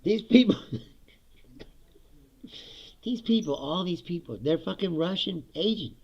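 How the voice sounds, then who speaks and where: A man's voice: high-pitched, lively intonation, measured pace, a little mellow, highs cut off. A man doing a casual political rant, sarcastic and profane, laughing often between points. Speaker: political commentary host.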